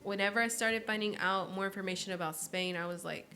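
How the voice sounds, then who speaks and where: Talking quickly with few pauses, a woman in her early twenties keeps a steady, medium-pitched tone that sounds pushed and bright, with faint music behind her. As a podcast guest she chats casually, storytelling expressively and voicing the people she quotes.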